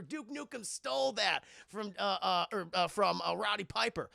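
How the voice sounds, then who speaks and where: A man streaming a casual, profane film recap, rambling and acting out scenes in quick voices. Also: high-pitched, animated, vocal fry, bright, forceful tone, dry recording, clean studio sound.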